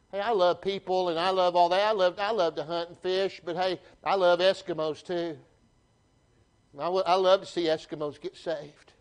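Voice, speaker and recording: A man with a Southern US accent preaching a sermon to his church, folksy and animated, often restarting his phrases. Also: sits high, normal speed, smooth. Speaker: pastor. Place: church sanctuary.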